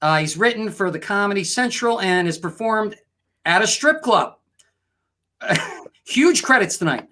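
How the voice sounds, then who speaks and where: Upbeat male comedy show host, bright voice, jokey and casual. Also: high voice, lively intonation, unhurried, pauses often, a little hiss or hum. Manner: upbeat, laughs often. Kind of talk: casual comedic chat and joke telling.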